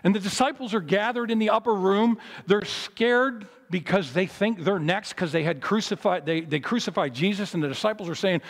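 A pastor giving a sermon at a memorial service in a chapel, telling a story with big swings between loud, high moments and low, quiet ones. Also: male voice, moderate pace, vocal fry, hardly any pauses, in a large hall. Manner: animated storytelling with big swings in pitch and loudness.

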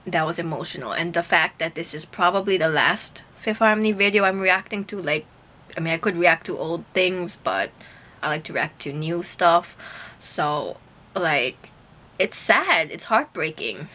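A woman's voice: on the low side, expressive, moderate pace, sharp tone. A young woman reacting to a music video in a casual chat to camera, emotional and gushing, with lots of fillers.

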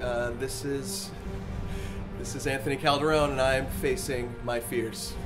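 A young man, a comedian, reacting to a VR horror game with profane, panicky yelling and nervous laughter. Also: medium pitch, flat delivery, unhurried, over music. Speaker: comedian guest.

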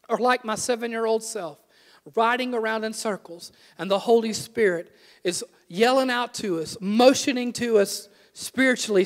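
A man's voice: extremely high pitch, in a large hall. A middle-aged man, a pastor, preaching a sermon earnestly and emphatically, asking his listeners direct questions. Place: church sanctuary.

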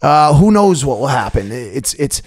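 Animated, swearing man telling stories. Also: medium pitch, measured pace. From part Italian heritage. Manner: animated, profane storytelling with put-on voices. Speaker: podcast guest. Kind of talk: casual podcast chat.

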